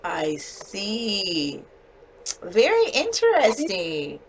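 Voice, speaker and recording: A woman with a standard North American accent teaching a one-on-one English lesson over a video call. She explains slowly and clearly, with patience. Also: mid-range voice, huge pitch swings, a little hiss or hum, rough recording. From United States.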